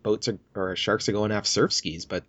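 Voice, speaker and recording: A man's voice: on the low side, steady tone, normal speed, a bit bright, no echo, muffled recording. A man co-hosting a podcast, casually telling a news story and laughing along with his co-host. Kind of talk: casual chat.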